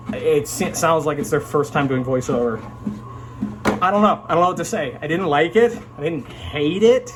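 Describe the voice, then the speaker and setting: A vlogger talks casually to camera, reviewing an anime he watched, in a voice that sits a little high for a man. He rambles and restarts sentences, frank and unpolished, while a faint room hum runs beneath him.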